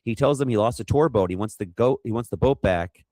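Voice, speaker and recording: A man co-hosting a podcast, rambling through a movie recap and acting out quotes in quick funny voices. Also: medium pitch, mellow, dry recording, studio quality. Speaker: podcast co-host. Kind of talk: casual movie recap chat.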